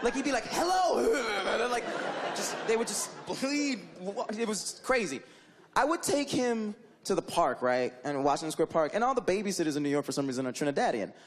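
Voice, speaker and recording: A man telling a stand-up story in an animated way, laughing and jumping into character voices. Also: high voice, quick pace, noisy background. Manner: animated, laughing, acts out characters with big voice jumps. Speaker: stand-up comedian.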